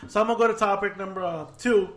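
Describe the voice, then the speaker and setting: Guy hosting a podcast, high bright voice, echoey room, laughs a lot. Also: fairly even intonation, fast talker. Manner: steers topics, laughs often. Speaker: podcast host. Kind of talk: casual chat.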